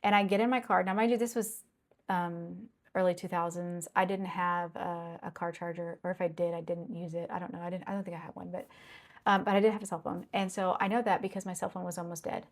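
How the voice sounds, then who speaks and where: A woman's voice: on the low side, fairly even intonation, a little fast. A middle-aged woman telling a personal story earnestly, repeating phrases and checking in with "okay?". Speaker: consultant sharing a personal story. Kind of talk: personal testimony.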